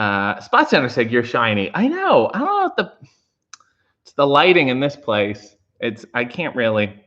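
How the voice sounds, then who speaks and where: A man hosts a casual livestream, reading out viewer comments and answering them with deadpan, sarcastic quips. His voice swings widely and lively in pitch. The stream audio sounds dull and lo-fi. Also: normal speed. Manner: dry sarcastic asides, animated pitch swings. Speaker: livestream host reading chat.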